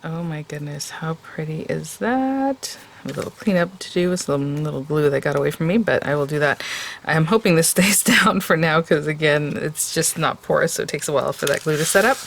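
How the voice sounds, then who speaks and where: Hosting a relaxed craft tutorial step by step, this woman addresses her viewers directly with chatty enthusiasm. Her low-pitched voice has a fairly bright tone, with a little hiss or hum in the audio.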